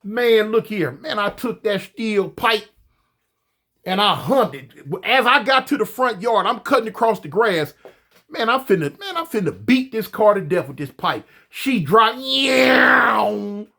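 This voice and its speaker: A man telling a story casually, animated and profane, often stammering and repeating himself. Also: sits high.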